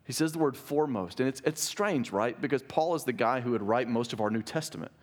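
A pastor preaches a sermon in church, his medium-pitched voice moving a little fast with lively intonation. He is earnest but conversational, often checking in with his listeners.

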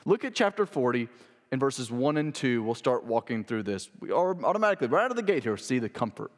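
A man's voice: mid-range voice, sing-song, brisk, in a large hall. A young adult man, a pastor, preaching a sermon in a conversational, emphatic way, full of rhetorical questions.

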